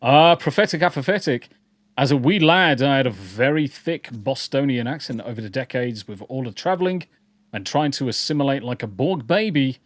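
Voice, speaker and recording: Man, English, mixed regional accent with southern tinge, podcast co-host, rambling jokey chat, mid pitch, dry close sound. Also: expressive, normal speed, no room sound. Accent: mixed English, partly southern. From English Midlands. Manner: rambling, jokey, repeats words. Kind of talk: casual chat reading live comments.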